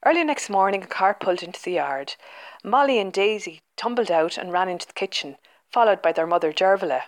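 A woman with a medium-pitched voice reads a children's storybook aloud a little quickly, in a lively, expressive manner.

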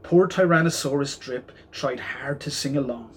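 Man, storyteller, children's picture book, rhythmic rhyming read-aloud, mid pitch. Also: moderate pace, a little hiss or hum.

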